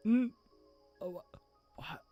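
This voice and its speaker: A streamer reacting live to a manga chapter, gushing, swearing and squealing with excitement. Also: mid-range voice, slow, faint music behind.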